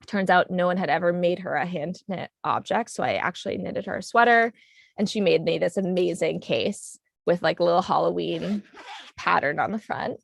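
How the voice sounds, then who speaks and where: A woman's voice: lowish voice, moderate pace, gravelly, no echo, studio quality. A young woman with a New England accent, hosting a casual livestream and chatting while she knits, rambling along with frequent ums. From United States. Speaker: livestream host. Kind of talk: casual chat while knitting.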